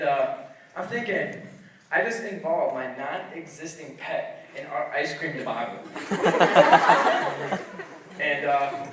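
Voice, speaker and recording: Young man doing stand-up in an echoey room. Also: medium pitch. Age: young adult. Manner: storytelling, acts out voices with loud outbursts. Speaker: stand-up comedian. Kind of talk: stand-up comedy set. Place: comedy night venue, audience laughing. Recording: echoey room, distant mic, noisy.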